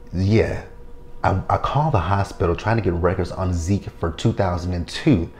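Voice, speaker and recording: Low-voiced man recapping a TV episode. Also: a little hiss or hum. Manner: animated, profane, acts out the scenes with quotes. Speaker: TV episode reviewer. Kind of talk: casual recap vlog.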